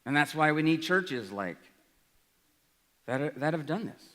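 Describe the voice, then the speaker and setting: A man in his forties giving an energetic speech to an audience, often asking "right?". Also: fairly high pitch, measured pace. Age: 40s. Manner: energetic, rhetorical, asks the crowd "right?". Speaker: college president. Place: large hall. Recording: reverberant hall, live speech.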